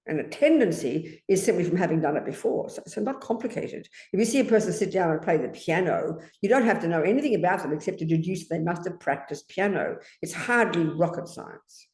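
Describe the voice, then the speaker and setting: A woman's voice: fairly low pitch, lively intonation, a little fast, a little mellow. A woman Buddhist teacher giving an emphatic dharma talk, often asking her listeners rhetorical questions. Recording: echoey room.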